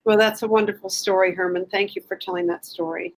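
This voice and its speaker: Female podcast host, mid pitch, polite and appreciative. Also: level tone, fast talker, poor audio. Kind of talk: interview hosting.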